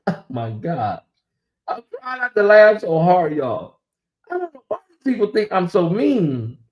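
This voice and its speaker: A middle-aged man hosting a casual livestream, talking straight to his chat in an animated, teasing way. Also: high-pitched, unhurried. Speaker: livestream host. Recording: echoey room.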